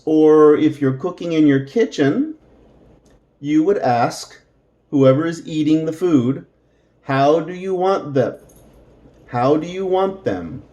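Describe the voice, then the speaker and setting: A middle-aged man teaching English slowly to Spanish speakers, repeating each word and adding Spanish glosses. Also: a little high, dark tone, muffled recording.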